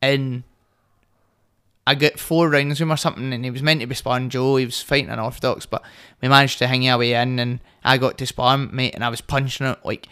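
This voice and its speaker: A man's voice: medium pitch, fairly even intonation, brisk, fairly bright tone, clean tone. A young man with a Scottish accent, a guest boxer telling cocky stories with a laugh in casual podcast chat.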